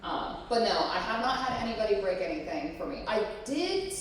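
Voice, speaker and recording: Presenting on a convention panel before a live audience, a woman talks casually and frankly, swearing occasionally and peppering her speech with "like, you know." Her mid-range voice swings widely in pitch at a fairly quick pace. The distant mic picks up an echoey room.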